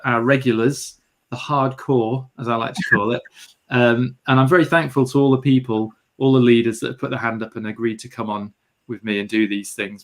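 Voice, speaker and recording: A British man hosting a photography livestream, chatting casually and greeting viewers with light humour. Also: medium pitch. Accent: British English. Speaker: livestream host.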